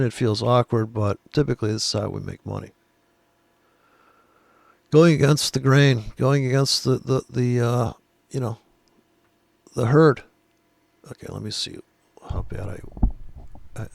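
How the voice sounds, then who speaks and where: A man's voice: medium pitch, creaky, no room sound. A man giving casual chart commentary, blunt and profane, rambling with sarcastic asides. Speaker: trading educator.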